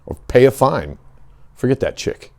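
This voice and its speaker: A man's voice: mid-range voice, big pitch swings, measured pace, gravelly, a little mellow. A middle-aged man hosting a fishing channel, talking in a heated, blunt and profane way in a casual rant. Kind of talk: casual ranting vlog.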